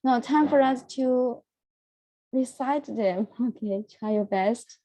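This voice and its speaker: A woman with a slightly high voice leads an English recitation group over a video call, encouraging and coaching the learners with warm praise. She repeats words and pauses at times. The recording is dry and the audio quality is poor.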